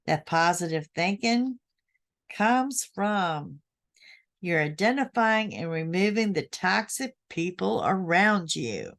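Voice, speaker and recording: A woman's voice: on the low side, big pitch swings, slow pace, vocal fry. A woman hosting a psychic podcast, giving readings to her listeners in an emphatic way, often repeating her points. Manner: emphatic, repeats key words, addresses listeners directly.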